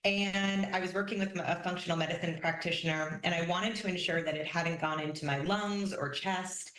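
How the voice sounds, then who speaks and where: A woman in her thirties speaks calmly and matter-of-factly. Her voice sits a little low, and the room around her echoes. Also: normal speed. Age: 30s. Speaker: patient.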